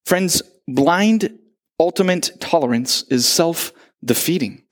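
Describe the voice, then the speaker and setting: A man's voice: on the high side, takes it slowly. A man preaching a sermon, telling stories animatedly and acting out the quotes. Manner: animated storytelling with acted-out quotes. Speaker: pastor.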